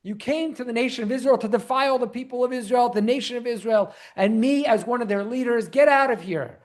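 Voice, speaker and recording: A man putting on the voice of an angry man scolding an intruder, loud and accusing. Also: extremely high pitch, brisk, voice pushed up. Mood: outraged. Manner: accusing, shouting.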